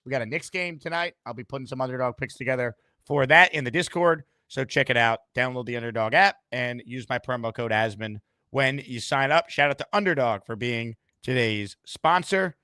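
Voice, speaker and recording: A man's voice: mid-range voice, expressive, sharp tone, no room sound, studio quality. A man hosting a sports talk show, reading ads and taking calls in an upbeat way. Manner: upbeat, quick ad reads and call handling. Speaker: host.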